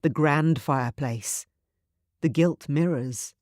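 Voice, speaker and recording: Narrator for a storybook audiobook; steady, measured read, no room sound. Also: medium pitch, no echo, studio quality.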